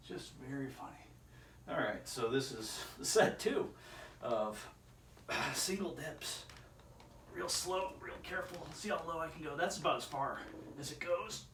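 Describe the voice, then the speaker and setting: Filming himself exercising at home, a man rambles casually, counts reps under his breath, and sounds slightly strained. His voice is a little high, expressive, bright, and measured in pace. The distant, off-mic sound echoes in an indoor room with chairs, with faint ambient noise.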